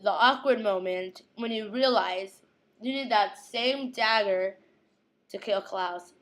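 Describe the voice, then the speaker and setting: A young woman giving a casual fan recap of a TV episode, chatty and slangy, acting out scenes in quick quoted asides. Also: mid-range voice, low-quality recording.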